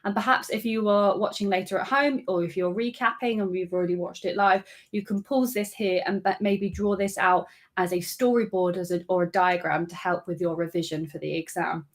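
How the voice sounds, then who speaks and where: A woman's voice: fairly low pitch, steady tone, fairly quick, hardly any pauses. A woman teaching, methodically explaining an exam answer step by step.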